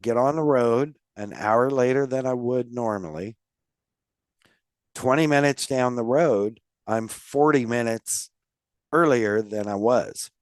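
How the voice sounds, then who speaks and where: A man hosting a casual podcast chat, with a slightly nasal voice and a relaxed, rambling way of talking full of fillers. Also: mid-range voice, takes it slowly, dry recording, clean studio sound. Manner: laid-back, rambling with many fillers. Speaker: podcast host.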